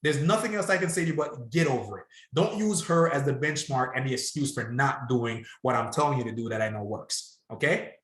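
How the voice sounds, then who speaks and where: A man's voice: mid-range voice, fairly quick, hardly any pauses, fairly bright tone, reverberant. A man talking in a casual podcast conversation as a salon business coach, emphatic and repeating his key points.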